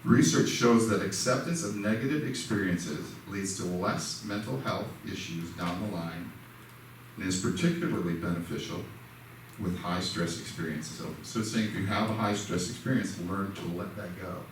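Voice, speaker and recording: A man's voice: sits low, moderate pace. Man giving a church lesson in an echoey hall. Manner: conversational, self-deprecating, acts out quoted dialogue. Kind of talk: casual spoken church lesson. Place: church sanctuary. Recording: echoey hall, mic far off, faint noise.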